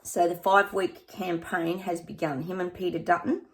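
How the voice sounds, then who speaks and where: Chatty Australian woman, low voice. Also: level tone, normal speed, slight background noise. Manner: chatty, rambling, addresses viewers as guys. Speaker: psychic vlogger. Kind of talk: casual chat to viewers.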